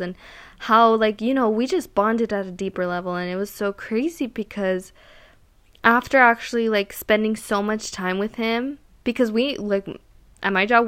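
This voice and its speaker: A woman's voice: medium pitch, fairly bright tone, smooth. A woman in a loose, candid storytelling flow, leaning on "like" and "um" as she circles her point. She stresses things by repeating words, with an everyday mid-range voice. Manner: rambling, heavy use of "like" and "um". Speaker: solo podcaster or vlogger. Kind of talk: casual personal storytelling.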